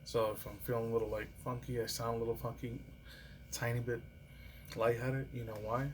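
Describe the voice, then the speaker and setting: A man's voice: mid-range voice, level tone, a little fast. A male vlogger rambles through casual reactions and news, dropping profanities and chuckling as he goes. His voice sits in an ordinary middle range. A faint hum lies under the recording. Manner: profane, rambling, often laughing.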